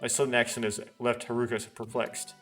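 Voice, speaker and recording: A man's voice: medium pitch, monotone, a little fast, fairly bright tone, faint music behind. A man hosting a let's play, reading a visual novel aloud in an earnest, dramatic way, with small restarts and wry asides.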